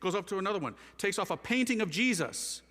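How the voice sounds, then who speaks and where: A man with a bright, fairly high voice tells his story with lively energy, slipping into casual slang as he acts out both sides of a conversation. His voice rings with the long reverb of a large hall. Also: quick pace. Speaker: speaker giving his testimony. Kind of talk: animated storytelling talk.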